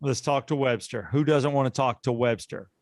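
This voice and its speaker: A man's voice: medium pitch, steady tone, moderate pace, dry recording, clean studio sound. A man co-hosting a podcast, joking around and rambling in a casual chat. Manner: joking, self-deprecating, rambling. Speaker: podcast co-host.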